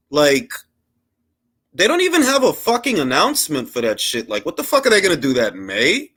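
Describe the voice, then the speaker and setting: A man's voice: mid-range voice, wildly swooping pitch, moderate pace, fairly bright tone. A man hosting a live boxing talk stream, ranting in a heated, profane, mocking way, with street slang and bits of Spanish. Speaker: boxing livestream host. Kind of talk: casual livestream rant.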